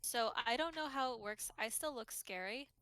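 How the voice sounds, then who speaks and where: A woman's voice: a little high, moderate pace, a bit bright, smooth, no room sound. A woman playing a tabletop game, thinking aloud hesitantly with many fillers. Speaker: player.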